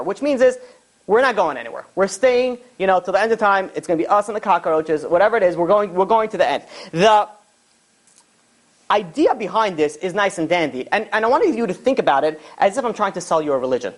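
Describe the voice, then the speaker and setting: A man, a rabbi, teaching a class in an animated, joking storytelling style. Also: high-pitched, fast talker. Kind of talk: lively lecture with acted stories.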